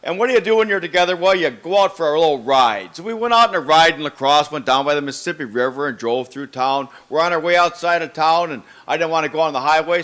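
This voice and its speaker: Bright-voiced older man telling a story. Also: on the high side. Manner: animated storyteller acting out the people in his story. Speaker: event speaker. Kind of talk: storytelling speech.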